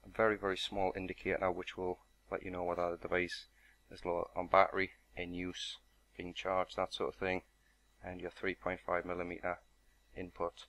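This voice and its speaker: Man, deep voice, monotone, matter-of-fact product unboxing narration. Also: normal speed, vocal fry. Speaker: product reviewer.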